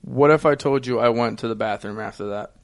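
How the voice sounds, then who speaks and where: A young man co-hosting a crude, casual podcast chat. He is loud and excitable, jumps high when worked up and laughs often. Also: fairly quick, creaky.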